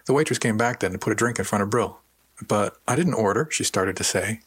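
A man's voice: lowish voice, steady tone, quick pace, a bit bright, slightly rough. A man narrating a story in the first person with dry, wry storytelling. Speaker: audiobook narrator. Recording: dry close recording.

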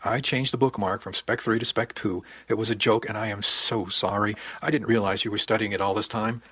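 A man's voice: lowish voice, fairly even intonation, fairly quick, slightly rough, no echo. A man voicing a friendly young woman crewmate. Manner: warm, teasing, then apologetic.

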